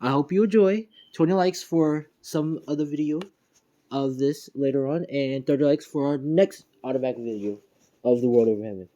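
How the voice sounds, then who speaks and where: A man loosely retelling a fan story in his own everyday voice. His tone is mellow and a little dark. He rambles along with fillers and the odd chuckle. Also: mid-range voice, highs cut off.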